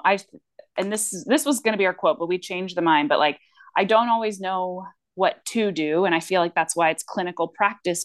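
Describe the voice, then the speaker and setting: A woman co-hosting a casual podcast, speaking as a working clinician. Her voice sits on the low side and she rambles, restarting thoughts with plenty of fillers. The sound is dry and close, with no room around it. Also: dry recording. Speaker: speech-language pathologist, podcast co-host.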